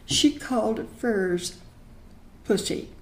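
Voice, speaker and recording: A woman's voice: mid-range voice, drawn-out words. An older woman telling a personal story in a chatty, affectionate way. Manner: chatty, affectionate, laughs often. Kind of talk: memoir storytelling.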